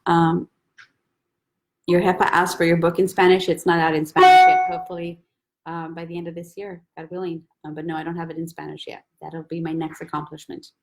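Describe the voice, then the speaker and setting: A woman's voice: lowish voice, little pitch movement, fairly quick, soft background music. A chatty young woman hosts a live stream from her home, reading out viewers' names and greeting each in turn. Her talk is loose and casual, full of small asides, picked up on a phone or webcam mic. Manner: chatty, greets viewers by name one after another. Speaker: host of a weekly live stream. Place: at home, husband and baby in the back.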